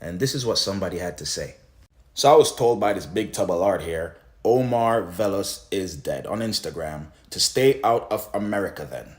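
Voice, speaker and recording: A man from the Caribbean with a very deep, low voice tells a storytime about an online argument. He sounds sarcastic and indignant throughout. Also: animated, normal speed. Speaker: comedy skit creator. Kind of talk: storytime commentary.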